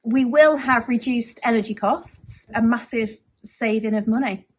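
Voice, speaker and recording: A woman from a farm gives an upbeat, enthusiastic testimonial. Her voice sits high for a woman. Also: unhurried, slightly rough. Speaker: farmer giving a testimonial.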